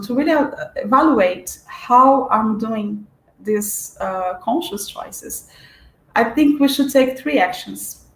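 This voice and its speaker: A woman giving a spiritual lecture in an earnest, searching way, with frequent restarts and fillers. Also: fairly high pitch. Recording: echoey room.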